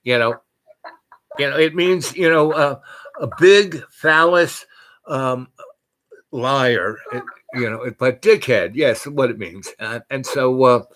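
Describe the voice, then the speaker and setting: A man hosting a comedy show, telling a meandering story full of restarts and absurd deadpan asides. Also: medium pitch, slow pace. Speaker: comedic YouTube host. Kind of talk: rambling comic storytelling monologue.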